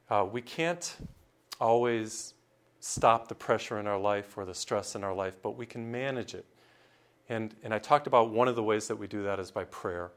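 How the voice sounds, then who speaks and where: Priest giving a sermon. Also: male voice, medium pitch. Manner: storytelling with voiced characters and jokes.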